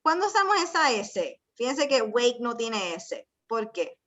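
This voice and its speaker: A woman's voice: on the high side, big pitch swings, normal speed, fairly bright tone. A woman teaching an English class, patiently explaining step by step, switching between English and Spanish, and quizzing her students. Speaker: ESL teacher. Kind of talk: bilingual classroom lesson.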